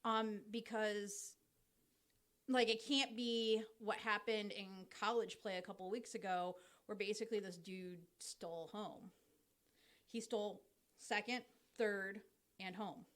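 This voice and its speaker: A woman's voice: medium pitch, steady tone, measured pace, a bit bright. Chatty woman explaining baseball. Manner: chatty, explains step by step with many ums. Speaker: podcast co-host explaining baseball. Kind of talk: casual explanatory chat.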